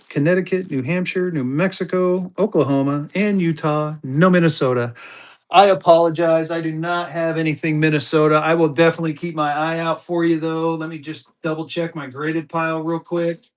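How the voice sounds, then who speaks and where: A man, chatting casually to viewers as a live-stream seller and thinking aloud as he digs through his stock. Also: on the high side. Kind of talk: casual live auction chat.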